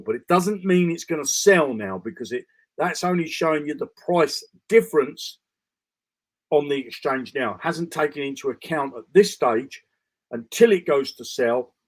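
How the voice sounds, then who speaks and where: A man walking through a trading bot dashboard during a live screen-share broadcast, talking casually with restarts, fillers and frequent "okay?" checks. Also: mid-range voice. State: tired, yawning. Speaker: crypto trading bot presenter.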